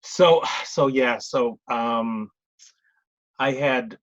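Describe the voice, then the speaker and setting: A man's voice: mid-range voice, normal speed, dry recording. Rambling Boston man on a dull line. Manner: rambling, frequent restarts and "it's like". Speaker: guest, grief coach and author. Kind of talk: casual conversational interview.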